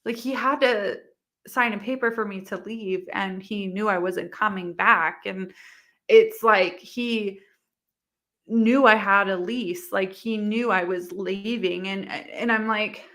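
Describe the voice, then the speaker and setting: A young woman speaks as an interview guest, her voice bright and forward. She tells her story in a loose, rambling way, packing it with "like" and acted-out quotes from the people involved. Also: medium pitch, steady tone, takes it slowly. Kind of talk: candid casual interview.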